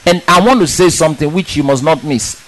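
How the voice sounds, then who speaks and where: A man preaching a sermon in an emphatic, animated way, asking rhetorical questions and repeating words for stress. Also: a little high, a little fast, low-quality recording.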